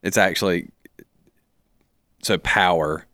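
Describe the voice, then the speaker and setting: A man's voice: low voice, steady tone, slow, sharp tone. A man co-hosting a church podcast who talks in an earnest way and explains word meanings. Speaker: podcast co-host. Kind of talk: casual church podcast chat.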